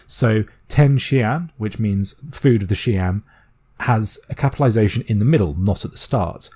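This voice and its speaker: A British man explaining a constructed language step by step in a calm, methodical tutorial voice. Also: lowish voice, normal speed, husky. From Britain. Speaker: language teacher.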